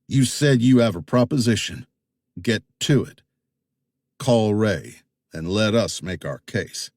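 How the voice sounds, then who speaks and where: A man's voice: on the low side, expressive, takes it slowly, darkish tone, dry recording, heavily acted. A man voicing a wary young male investigator from Tennessee in an audiobook, giving guarded, dry answers.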